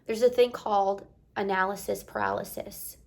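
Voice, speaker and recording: A woman's voice: mid-range voice, fairly even intonation, moderate pace, vocal fry. A young woman talking earnestly to camera, giving a heartfelt motivational pep talk with repeated encouraging phrases. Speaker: motivational vlogger.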